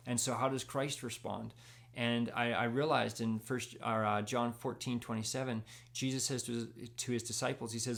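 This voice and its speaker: Guy w a gravelly voice, chatty testimony, acts out the convos. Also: mid-range voice, level tone, moderate pace, a bit bright. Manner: storytelling, acts out dialogue, laughs at himself. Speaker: Christian speaker sharing testimony. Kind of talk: casual spoken testimony.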